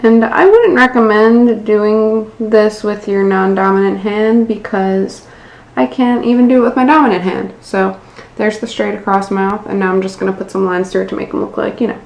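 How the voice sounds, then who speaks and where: A woman's voice: mid-range voice, steady tone, normal speed, vocal fry, a little mellow. An American woman in her twenties narrating a casual nail art tutorial, self-deprecating and swearing casually. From United States. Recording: echoey room, faint background noise.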